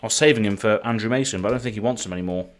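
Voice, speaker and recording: A man with a lowish voice talks very fast, with a little hiss or hum on the recording. He's from the United Kingdom, has a British accent, and live-streams pack openings, chatting and reading each card name aloud in a continuous list.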